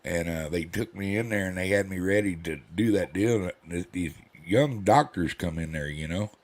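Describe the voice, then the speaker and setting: Speaking at normal speed in a deep voice, an older man hosts a casual chat, wandering through folksy stories in a crotchety drawl and performing the voices he quotes.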